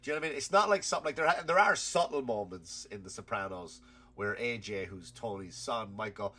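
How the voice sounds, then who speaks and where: A man's voice: lowish voice, expressive, quick pace, sharp tone. Profane man ranting, with a cold. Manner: rambling, profane, laughing at his own stories. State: has a cold. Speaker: comedian and podcast host. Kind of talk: comedic rant.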